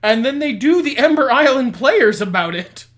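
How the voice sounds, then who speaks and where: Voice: high-pitched, lively intonation, moderate pace, a bit bright. A podcast co-host in casual chat, blunt and opinionated, swearing freely and often laughing. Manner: laughs often while talking.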